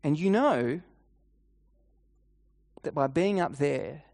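In a fairly high, animated, gravelly voice, a man preaches a sermon, narrating a scene vividly in the second person and slowing and softening for emphasis. The clean studio sound has no room reverb.

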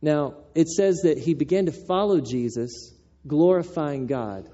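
A man preaching a sermon as pastor, telling the story in a conversational, animated way, on a dull lo-fi recording. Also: a little high, measured pace.

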